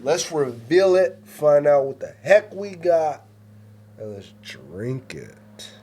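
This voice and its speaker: A man's voice: on the high side, sing-song, takes it slowly, dark tone, slightly rough. A man hosting a casual drinks chat show, joking and teasing his co-hosts. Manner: joking, teasing, hypes up co-host. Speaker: podcast host.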